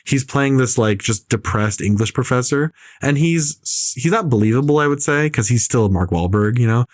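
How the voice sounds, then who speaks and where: A man's voice: medium pitch, animated, moderate pace, no echo, studio quality. A man ranting in casual podcast chat, opinionated and rambling, with lots of "like" fillers. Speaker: podcast co-host.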